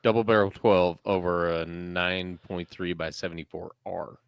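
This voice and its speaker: A man's voice: deep voice, level tone, normal speed, gravelly, smooth, dry recording. A man co-hosting a podcast, dropping dry one-liners in a casual chat. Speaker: podcast co-host.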